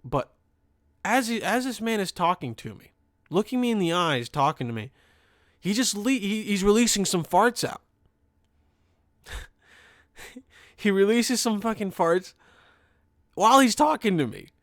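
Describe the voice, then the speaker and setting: Young podcast guy, kinda high voice, swears a lot, rambling animated story, dry sound. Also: unhurried, pauses often, no echo. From Pennsylvania. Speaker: podcast host. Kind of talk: comedic storytelling.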